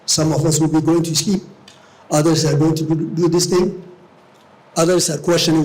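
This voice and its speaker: A man lecturing a university crowd, his voice sitting a touch higher than most men's. He rallies the room and doubles back on his words as he hunts for the next one, in a public-lecture style. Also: fairly even intonation, normal speed, darkish tone, rough recording. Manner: rallying, repeats words while searching. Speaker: guest lecturer.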